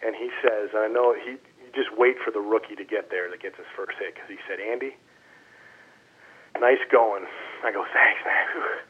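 A man, a former baseball player, telling animated stories in a casual interview and quoting teammates as he goes. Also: on the low side, moderate pace, breathy edge. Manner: animated anecdotes, quoting others in voices. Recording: phone-line audio.

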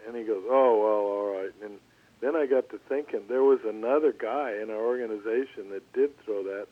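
Older man telling stories over the phone. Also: mid-range voice. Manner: relaxed, halting, lots of restarts. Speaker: former pitcher, guest. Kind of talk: storytelling interview. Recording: tinny phone line.

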